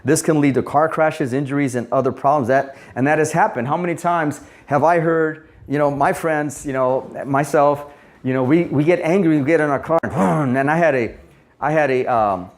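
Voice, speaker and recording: A man's voice: on the high side, moderate pace. A man giving a sermon as a pastor, talking casually and telling personal stories with acted-out quotes. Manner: conversational, storytelling with quoted dialogue and asides.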